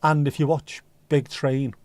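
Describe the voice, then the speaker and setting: A man's voice: a little high, little pitch movement, measured pace, a little mellow, no echo. A tired man hosting a casual livestream, rambling and reacting to chat with the odd swear word. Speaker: livestream host.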